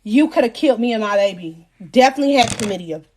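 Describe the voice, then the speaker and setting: A young woman spins a wild personal story for her viewers, her voice sitting high and bright. She talks dramatically, laughing as she goes and lurching between loud outbursts and hushed asides. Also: expressive, quick pace. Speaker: podcast host telling her story.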